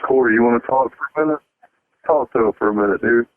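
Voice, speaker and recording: A man's voice: medium pitch, fast, dry recording. A man co-hosting a podcast, chatty and profane, laughing often in casual chat. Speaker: podcast co-host. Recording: dry, phone-like lo-fi audio.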